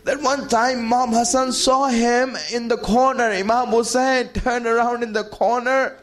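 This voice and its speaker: A man with a very high-pitched voice delivers a fervent religious sermon. He pleads with the congregation and calls them his friends. His delivery swings between storytelling and impassioned, chant-like cries. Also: little pitch movement, a little slow, a bit bright. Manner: storytelling, addresses audience as friends. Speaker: preacher.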